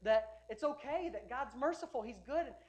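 A man preaching a sermon as pastor, emphatic, swinging between loud urging and quiet storytelling, often repeating words and restarting sentences. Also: very high-pitched, lively intonation, normal speed.

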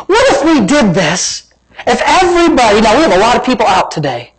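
An extremely high-pitched, expressive male voice, slightly rough and quick, comes through a low-quality recording of a sermon. The pastor preaches emphatically, repeating lines and staging imagined dialogue, then moves into prayer and an altar call.

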